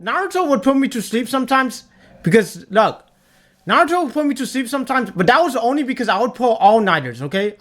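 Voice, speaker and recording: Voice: mid-range voice, a bit bright. A young adult streamer ranting to a live chat in a tier-list commentary, repeating points emphatically and swearing often. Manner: repetitive, emphatic, swears a lot. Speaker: livestreamer talking to chat.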